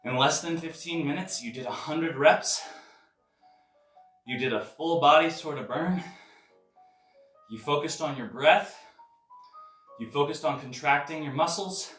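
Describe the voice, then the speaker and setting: A man leading a live kung fu and tai chi workout class, counting reps with sharp exhaled breaths and chatting casually between exercises. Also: fairly high pitch, measured pace, pauses often, echoey room, recorded from a distance, soft background music. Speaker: martial arts instructor.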